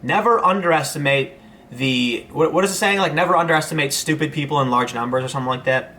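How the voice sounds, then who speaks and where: A man in his thirties hosts a casual livestream, answering viewer comments one after another. His voice is bright and sits a little high. He rambles, circles back, and stumbles over restarts, with a faint hum of background noise. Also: fast. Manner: rambling, frequent restarts and fillers. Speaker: host reading viewer chat.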